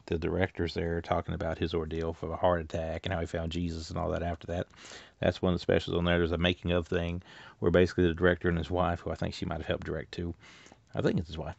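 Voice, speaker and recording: Deep gravelly guy rambling thru a movie review, dry dull lo-fi audio. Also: no room sound. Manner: rambling, loose delivery with many filler words. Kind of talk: casual spoken movie review.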